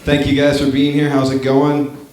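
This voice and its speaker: A young Canadian man from Northern Ontario performs stand-up in a comedy club before a live crowd, his mid-range voice monotone, a little mellow and moderately paced. He does crowd work with casual, swearing, self-mocking banter, and the room echoes.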